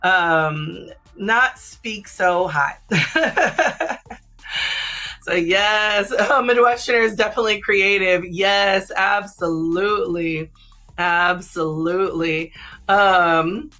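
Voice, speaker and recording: A woman hosting a casual live-stream of sex advice, chatty, with many fillers and "right?" tags, sometimes dropping into a low, slow voice to make a point. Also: sharp tone, faint music behind. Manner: drops into a low slow voice to demonstrate. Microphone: streaming setup.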